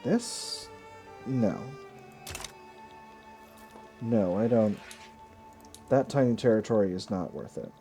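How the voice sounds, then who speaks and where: A man's voice: lowish voice, slow pace, pauses often, warm tone, soft background music. A man hosting a strategy game let's play, talking casually and thinking aloud with asides and self-corrections. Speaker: gaming video host.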